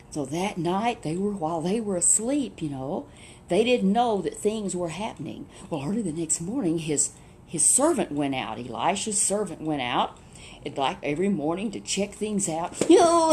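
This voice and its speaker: A woman casually retelling a Bible story, chatty and animated, with many rhetorical questions. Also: medium pitch, slight background noise.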